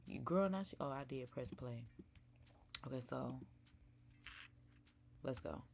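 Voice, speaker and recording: A young woman hosting a casual live stream from home, chatting to viewers as y'all and sometimes dropping to a soft whisper. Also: very deep voice, expressive, takes it slowly, vocal fry, soft background music. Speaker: live-stream react host. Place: indoors at home.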